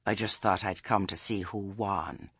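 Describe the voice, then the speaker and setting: A man voicing a stern old witch woman who speaks meekly and quietly, with menace under it. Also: very deep voice, steady tone, a little slow, slightly rough, dry recording, studio quality, full character voice. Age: older. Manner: meek, soft-spoken, understated.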